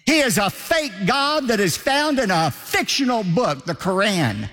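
High, lively preaching man in reverb. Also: a little slow, faint music behind. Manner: emphatic, declamatory preaching with repetition. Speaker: pastor. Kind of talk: sermon.

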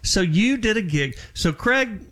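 A man's voice: sits high, animated, a little slow, pushed and bright. Male host, casual talk show, chatty, promotional.

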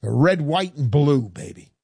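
A brash man hosting a radio show, selling hard in a pushy pitch that leaps up and down. His voice is close and dry, with no room sound. He never lets up. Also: expressive, normal speed, vocal fry, mellow, slightly rough, no echo.

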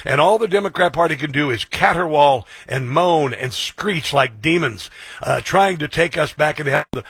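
A man's voice: a little high, animated, moderate pace, fairly bright tone, slightly rough, no room sound. A man hosting a talk show, giving opinionated commentary and mocking, repeating the words of the clips he plays.

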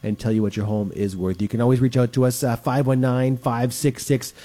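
Chatty male radio host, mellow voice. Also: mid-range voice, fairly even intonation, fairly quick. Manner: chatty, lots of filler words. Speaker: radio show host and real estate broker. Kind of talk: casual radio talk. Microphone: studio microphone.

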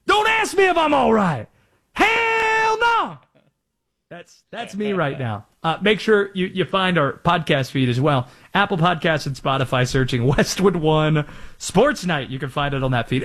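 A man's voice: a little high, a bit bright. A young adult man hosting a sports radio show, joking and rambling through random references. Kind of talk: casual sports talk.

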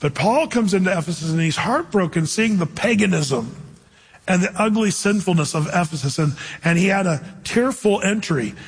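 A male pastor giving an animated sermon, asking his listeners questions and acting out quoted voices. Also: high voice, moderate pace, slightly rough, long reverb tail.

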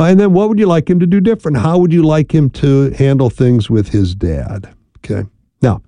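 A male radio host and therapist giving marriage advice in a measured, counseling way. His low voice is gravelly and very dark. The studio sound is dry and close. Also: no echo. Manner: measured, counseling tone, frequent "right?" and fillers. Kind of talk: radio advice call-in show.

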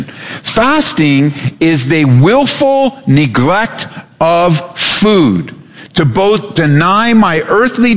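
Man, pastor, fairly high voice, long hall reverb, animated sermon. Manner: animated preaching, acts out voices. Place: church sanctuary.

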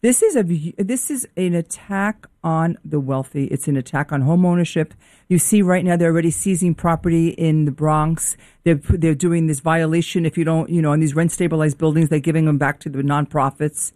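Forceful New woman, alarmed. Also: low voice, fairly even intonation, dry recording, clean studio sound. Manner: forceful, alarmed, rapid-fire points. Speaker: real estate commentator. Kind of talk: heated talk show discussion.

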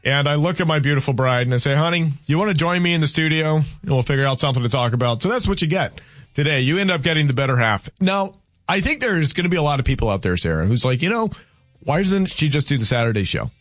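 A man's voice: fairly high pitch, lively intonation, fast, a bit bright, no room sound. A man hosting a call-in radio show with a slightly raised voice, and he rambles and teases himself. He talks into a studio mic, and the sound is dry and close. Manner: rambling, self-deprecating, playful. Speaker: radio talk show host. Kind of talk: casual call-in radio chat. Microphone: studio microphone.

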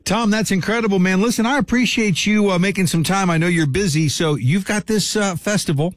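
A man's voice: sits high, brisk, no room sound. A man hosting a radio show, chatting with a phone guest in a friendly, upbeat way. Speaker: radio host. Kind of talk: casual radio interview.

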